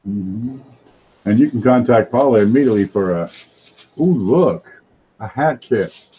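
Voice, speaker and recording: A man hosting a casual coin auction live stream, joking his way through a mock sales pitch. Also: lively intonation, measured pace, warm tone, highs cut off, slight background noise.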